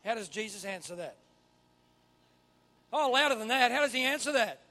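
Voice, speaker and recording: A man preaching a sermon, swinging from quiet asides to loud emphatic bursts. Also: very high-pitched, expressive, normal speed. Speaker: pastor.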